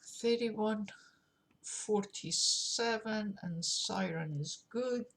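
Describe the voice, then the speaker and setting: A woman streaming her forex trades, thinking aloud as she clicks through charts, with many pauses and fillers. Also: mid-range voice, fairly bright tone. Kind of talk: live screen-share trading commentary.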